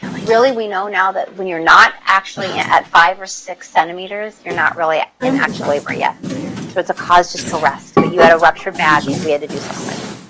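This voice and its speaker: A woman nursing instructor giving a classroom lecture, energetic and coaxing as she leads the group through exercises. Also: lowish voice, brisk. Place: lecture hall. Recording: loud background noise.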